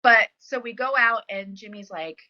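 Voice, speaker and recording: A woman's voice: on the high side, normal speed, sharp tone. A woman telling stories in a casual interview, chatty and filler-heavy, acting out the lines of people she quotes. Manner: chatty storyteller, many fillers, acts out quotes. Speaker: podcast guest, former wrestler. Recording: dull lo-fi recording.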